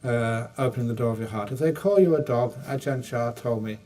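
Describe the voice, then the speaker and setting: A man's voice: mid-range voice, brisk, warm tone, far from the mic. An older man giving a meditation teacher's dharma talk, answering retreat questions with humor and acted-out dialogue. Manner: humorous storytelling, acts out dialogue. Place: retreat hall.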